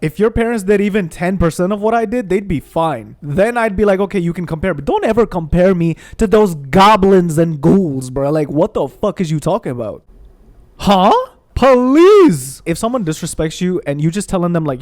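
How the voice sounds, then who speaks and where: A young man hosting a gaming channel, ranting in a heated, profane, animated way while he plays. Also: high-pitched, normal speed. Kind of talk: ranting commentary over gameplay.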